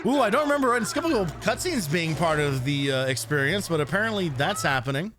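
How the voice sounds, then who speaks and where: A man's voice: fairly high pitch, expressive, fast, noisy background. A man streaming a retro game and rambling through casual commentary, swearing and laughing often.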